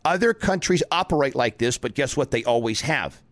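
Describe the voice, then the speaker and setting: A man hosting a political talk show, delivering a sarcastic, animated monologue that rises into emphatic outbursts. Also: mid-range voice, fairly quick.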